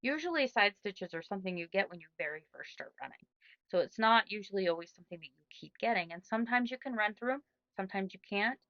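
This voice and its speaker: A woman's voice: medium pitch, animated, fast, a bit bright, no room sound, muffled recording. A middle-aged woman, a running coach, giving casual advice in a chatty, rambling way with lots of restarts.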